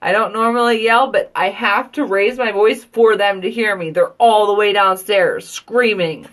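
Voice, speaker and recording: A mother with a mid-range voice chats casually at a moderate pace during a live beauty product review at home, rambling and gushing. Her children can be heard downstairs.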